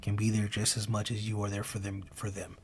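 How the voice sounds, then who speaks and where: A man's voice: lowish voice, monotone, brisk. A man co-hosting a casual podcast conversation, an earnest, emphatic storyteller who repeats his key phrases. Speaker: podcast co-host and father.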